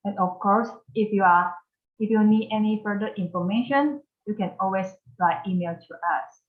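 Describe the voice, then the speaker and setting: A woman teaching a beginner Mandarin lesson in English, modeling each word slowly and carefully for learners to repeat. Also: medium pitch. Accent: Taiwanese Mandarin. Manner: slow, careful modeling of words for repetition. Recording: echoey room, slightly dull sound.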